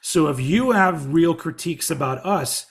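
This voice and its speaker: A man's voice: on the high side, expressive, normal speed. A man from Texas co-hosting a music podcast, chatting casually, rambling and swearing with a laugh. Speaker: podcast co-host. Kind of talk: casual chat.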